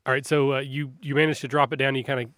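A man's voice: medium pitch, flat delivery, racing, a bit bright, no echo, clean studio sound. A man running a tabletop game as game master, describing scenes in a loose, rambling way with frequent restarts.

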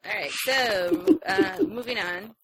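A woman hosting a casual podcast chat, lively and quick to laugh, steering the talk from topic to topic. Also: high voice, creaky, crowd noise, rough recording. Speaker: podcast host leading the segments.

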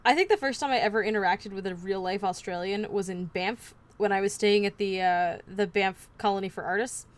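A woman's voice: mid-range voice, fairly even intonation, brisk, few pauses. A woman podcast host telling a true-crime story in casual chat, wry with offhand asides.

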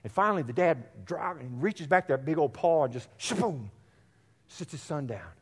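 Male pastor, sermon delivery, earnest and direct with his congregation, somewhat high voice, heard in a reverberant sanctuary. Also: expressive, moderate pace, husky. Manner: earnest, addresses congregation directly, repeats phrases for emphasis. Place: church sanctuary. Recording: long hall reverb.

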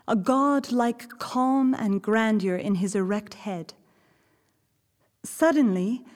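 A woman reading a diary excerpt aloud as scripted podcast narration, slow, measured and reverent. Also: fairly high pitch, darkish tone, long reverb tail. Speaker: podcast reader.

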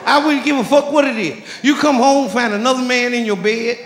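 A man's voice: extremely high pitch, a little fast, fairly bright tone. A man from Detroit doing a profane stand-up comedy set, chuckling through his own punchlines, recorded live on a comedy club stage. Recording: echoey live club recording with crowd noise. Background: audience laughter and club ambience.

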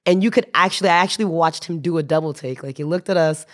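A woman telling a story as a podcast guest, animated, laughing and restarting her sentences. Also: sits low, fast. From United States. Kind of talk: casual storytelling.

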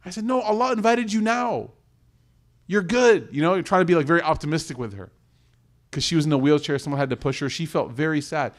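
A man in his thirties giving an earnest sermon to a gathered audience, then leading a heartfelt prayer. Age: 30s. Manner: earnest, rises in pitch for emphasis, slows on key lines. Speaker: preacher. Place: room with a live audience.

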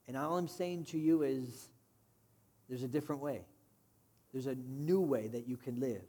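A man's voice: mid-range voice, dark tone. A man preaching a sermon in a direct, conversational way, putting questions to the congregation. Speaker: pastor.

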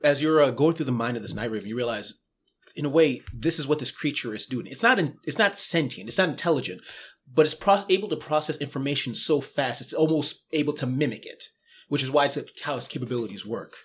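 Brief: male game master, husky voice, hushed storyteller. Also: medium pitch, expressive, fast talker. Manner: storytelling, trails off to a hush at grim parts. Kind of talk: narrating a tabletop game.

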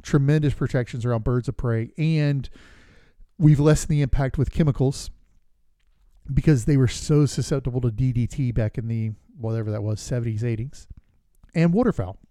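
A man's voice: medium pitch, moderate pace, mellow, dry recording, studio quality. A man hosting a podcast, talking casually and with firm opinions, stopping and restarting his sentences. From Florida. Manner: conversational, opinionated, with fillers and restarts. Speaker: podcast host. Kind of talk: casual advocacy talk.

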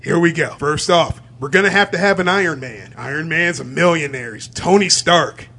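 High-voiced man pitching a joke idea. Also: moderate pace, sharp tone, slightly rough. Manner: playful, mock-serious pitching. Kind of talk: comedic casual chat.

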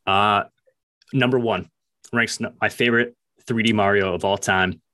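A man on a gaming podcast with a low voice and a bright, forceful edge. He talks about his favorite games with upbeat, eager enthusiasm. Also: steady tone, normal speed. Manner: enthusiastic, upbeat gamer talk. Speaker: podcast co-host. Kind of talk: casual podcast chat.

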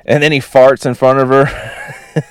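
A man's voice: mid-range voice, level tone, measured pace, clear, resonant tone, dry recording. A man casually recapping a movie plot, rambling with lots of "you know" and "like" fillers. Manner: laughs while retelling.

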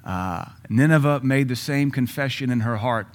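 A man's voice: medium pitch, normal speed. A male pastor giving a sermon in a conversational way, with sudden emphatic rises and asides.

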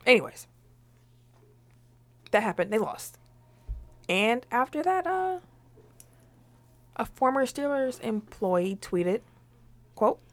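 Low-voiced woman leading a sports chat. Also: no room sound. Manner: leads topics, asks the others questions. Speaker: podcast host.

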